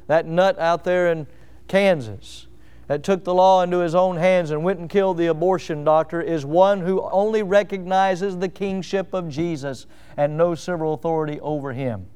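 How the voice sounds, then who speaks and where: A man preaches a sermon in a high, clear, resonant voice. He leans hard on key words and turns to his congregation with questions. The delivery is emphatic and direct. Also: a little mellow. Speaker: pastor.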